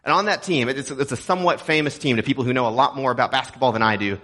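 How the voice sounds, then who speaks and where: A young adult man from Texas delivers a sermon in a relaxed, conversational way, with a middling pitch. He jokes with the congregation and keeps asking rhetorical questions. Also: racing. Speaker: pastor. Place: church auditorium.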